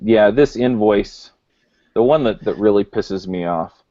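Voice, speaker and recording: Low-voiced, aggrieved man on a podcast. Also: a little slow, dark tone. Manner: aggrieved, explaining himself. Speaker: podcast co-host. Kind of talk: casual chat. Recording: dull lo-fi sound.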